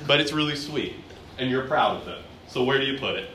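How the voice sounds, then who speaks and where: Bright-voiced male Bible teacher. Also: mid-range voice, animated, a little fast, a little hiss or hum. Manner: conversational, acts out quoted voices. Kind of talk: classroom Bible lesson. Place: classroom.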